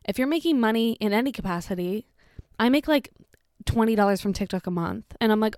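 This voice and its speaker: A woman's voice: mid-range voice, fairly quick, a little mellow, no room sound. Sarcastic woman commentator, dry sound. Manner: sarcastic, blunt, swears casually. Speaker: social media commentator. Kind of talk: casual commentary.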